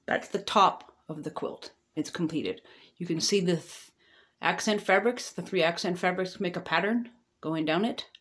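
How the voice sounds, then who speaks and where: Relaxed woman explaining a quilt. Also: on the low side, moderate pace. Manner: relaxed, plain-spoken, explains step by step. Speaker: quilting tutorial host. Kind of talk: casual voice-over explanation.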